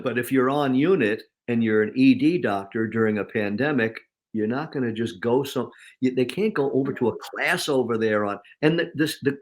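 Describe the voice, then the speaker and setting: A man as an interview guest, talking in an animated way and acting out inner voices in quotes. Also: mid-range voice. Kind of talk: casual interview talk.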